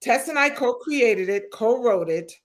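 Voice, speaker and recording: A woman's voice: a little high, lively intonation, measured pace. A woman, actress and co-creator, speaking in an interview over a video call, playful but keen to set details straight. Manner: playful, insists on clarifying. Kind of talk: casual interview.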